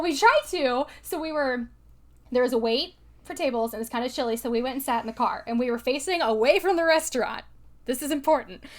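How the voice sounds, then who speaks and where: A young woman co-hosting a casual podcast, chatty and quick to laugh, with lots of fillers as she walks through her slides. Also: a little high. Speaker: podcast co-host presenting slides. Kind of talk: casual chat.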